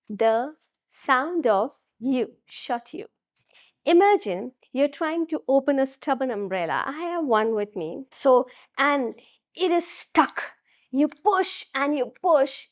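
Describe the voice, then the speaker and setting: A woman leads a children's phonics lesson in a fairly high voice. She talks slowly and warmly encourages the kids as she models each vowel sound. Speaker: phonics teacher.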